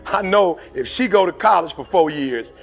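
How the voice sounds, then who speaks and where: Over faint music, a middle-aged motivational speaker from Detroit tells fiery, slangy stories in a preachy style. He's high-pitched with lively intonation, a moderate pace, vocal fry and a fairly bright tone.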